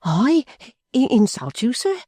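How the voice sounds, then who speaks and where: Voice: mid-range voice, very animated, measured pace, warm tone, slightly rough, no echo, clean studio sound, pitched above the performer's own voice. A reader voicing a humble, earnest young man who stammers and keeps saying "sir" in a storybook reading. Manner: stammering, deferential, many "sir"s.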